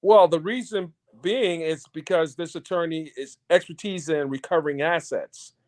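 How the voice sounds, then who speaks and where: A man calling in as a guest on a live stream, talking in a relaxed, confident way about a court case. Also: on the high side, moderate pace. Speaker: caller guest. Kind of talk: casual call-in chat.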